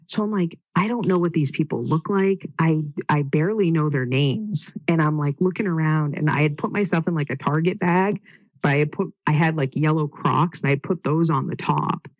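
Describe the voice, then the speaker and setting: A woman's voice: low voice, normal speed, no room sound. Female guest, chatty storyteller, lots of fillers; muffled, dry sound. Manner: rambling, many fillers. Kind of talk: casual storytelling.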